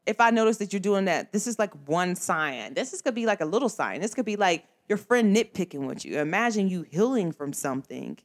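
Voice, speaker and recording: A woman's voice: medium pitch, lively intonation, brisk, few pauses. A woman venting to her viewers in a casual, emphatic monologue, talking straight to the camera in slangy everyday speech. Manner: emphatic, slangy and conversational, addresses viewers directly. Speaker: vlogger.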